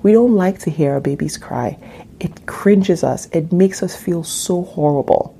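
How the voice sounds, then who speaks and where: A woman's voice: on the low side, unhurried, gravelly, mellow, slight background noise. A woman hosting a solo podcast, earnest and repeating key phrases for emphasis. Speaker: podcast host and parenting coach.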